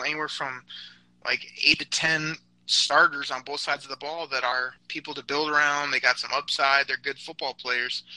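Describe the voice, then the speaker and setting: A man's voice: a little high, sharp tone, rough recording. A man co-hosting a casual sports podcast, arguing his point in a teasing way and laughing at his co-host.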